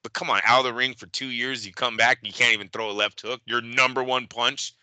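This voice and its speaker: A man co-hosting a casual boxing talk show, animated and profane, acting out fight-night scenes. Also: mid-range voice, a little fast, clean tone, no echo.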